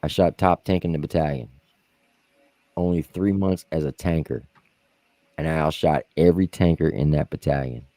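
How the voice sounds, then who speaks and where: A man with a very low voice tells army stories among fellow veterans, and he is loose, profane and animated. The sound is close and dry, with no room around it. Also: normal speed, long pauses, dry recording. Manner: animated, profane, acts out quotes in high voices. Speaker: podcast co-host, army veteran. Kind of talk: casual storytelling among veterans.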